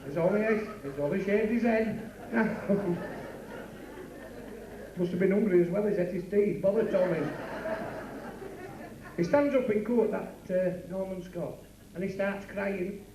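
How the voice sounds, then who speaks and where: A man doing bawdy stand-up comedy at a working men's club, with rapid patter and asides to the crowd. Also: high-pitched, warm tone. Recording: echoey room from far off, noisy.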